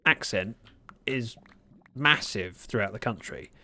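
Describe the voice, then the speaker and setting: British man, game streamer, casual chat, bouncy delivery, gravelly edge, dry humour. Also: lowish voice, expressive, slow, bright, forceful tone, slight background noise. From Britain. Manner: chatty, reads viewer chat aloud, dry self-mocking humour. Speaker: livestreamer. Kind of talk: casual livestream chat while gaming.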